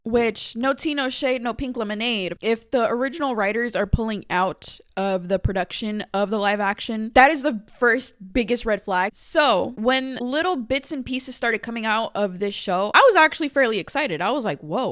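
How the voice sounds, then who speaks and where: A woman's voice: fairly high pitch, animated, normal speed, few pauses, fairly bright tone, no room sound, raised voice, studio quality. A young woman talking in a casual review vlog, blunt and profane, who laughs often. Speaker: YouTuber reviewing a series.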